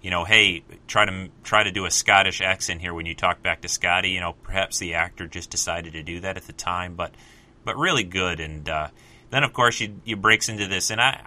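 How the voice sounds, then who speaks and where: Man, very deep voice, bright and forceful, casual rambling fan commentary. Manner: rambling, many fillers and restarts. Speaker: podcast host.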